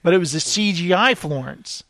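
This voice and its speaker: A man's voice: sits high, lively intonation, moderate pace, a bit bright, no echo. A man co-hosting a podcast, reading out reviews in a jokey way and laughing often. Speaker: podcast co-host.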